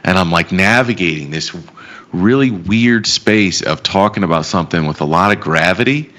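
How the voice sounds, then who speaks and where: Male host, 30s, lowish voice, loose chatty delivery for live market show. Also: a bit bright. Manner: chatty, quick asides, frequent laughs. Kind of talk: casual live show banter.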